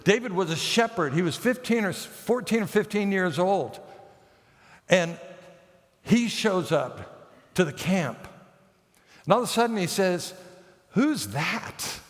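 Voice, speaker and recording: A man preaching a sermon as pastor, telling the story lively and acting out the characters' lines with light self-mocking humor. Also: high voice, a little slow, long pauses, in a large hall. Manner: storytelling, acts out the characters' quotes. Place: church sanctuary.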